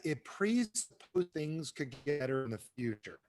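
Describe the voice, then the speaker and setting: A man giving a motivational business talk on a training call, asking the audience questions and swinging between booming and hushed delivery. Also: measured pace. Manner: animated, asks the audience questions. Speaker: speaker at an online training call.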